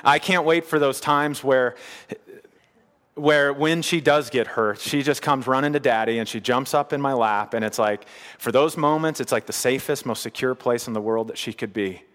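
A man's voice: medium pitch, normal speed, fairly bright tone, long reverb tail. A man in his thirties preaching a sermon, earnest and conversational, repeating his key phrases. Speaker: pastor.

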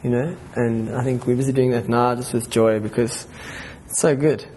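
A man's voice: medium pitch, fairly even intonation, normal speed, warm tone, a little hiss or hum. A man giving an informal, enthusiastic talk at a church gathering. He rambles, restarts his sentences and laughs between them.

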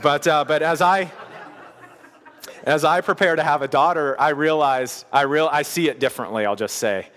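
A man's voice: fairly high pitch, moderate pace, fairly bright tone, in a large hall. A man in his thirties preaching a sermon, earnest and conversational, repeating his key phrases. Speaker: pastor.

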